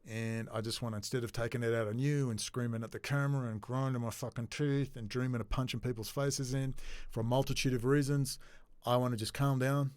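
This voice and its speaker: A man's voice: mid-range voice, no room sound. A man talking straight to his camera in a ranting monologue, agitated and swearing. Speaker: video blogger.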